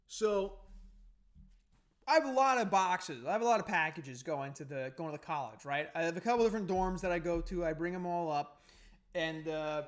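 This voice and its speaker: A man hosting a podcast, telling a story in casual, profane, heated rambling. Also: high-pitched. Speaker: podcast host.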